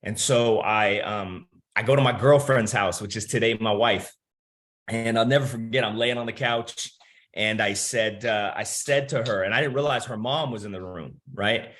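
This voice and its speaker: A man's voice: on the low side, normal speed. A man in his thirties, a motivational speaker, telling his life story to an audience and acting out the dialogue. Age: 30s. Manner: animated storytelling, acts out quoted dialogue. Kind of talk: personal story talk to an audience.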